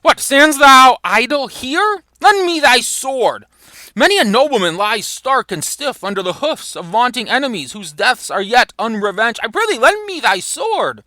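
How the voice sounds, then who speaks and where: A man's voice: high voice, wildly swooping pitch, measured pace, hardly any pauses, sharp tone, no echo, pitched above the performer's own voice, exaggerated voice. A man reading the lines of an urgent young prince in a Shakespeare play.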